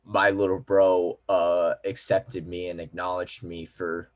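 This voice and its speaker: A young man talking to his viewers in a casual, rambling vlog, repeating himself and filling pauses with "um" and "you know.". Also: sits low, little pitch movement. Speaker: vlogger.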